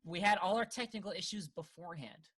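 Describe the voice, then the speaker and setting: Young male co-host, higher, bright, tense voice, chatty and laughing easily. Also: fairly quick, breathy edge. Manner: laughs often, restarts sentences. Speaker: podcast co-host. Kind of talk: casual chat.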